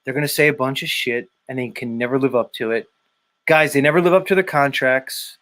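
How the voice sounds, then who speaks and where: A man's voice: medium pitch, brisk, a bit bright. Man, stream host, reads chat comments, blunt, repeats himself for emphasis. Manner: blunt, repetitive, emphatic lecturing. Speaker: show host. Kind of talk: casual live-stream chat reading viewer comments.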